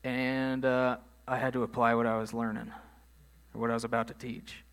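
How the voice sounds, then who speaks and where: A man's voice: mid-range voice, level tone, moderate pace, clean tone. A man preaching a sermon in a conversational way, leaning hard on key phrases. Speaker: pastor.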